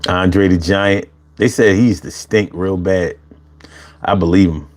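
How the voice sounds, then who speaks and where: A man hosting a casual live chat, animated and profane, laughing often as he talks. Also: low voice, unhurried. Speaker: livestream host reading chat.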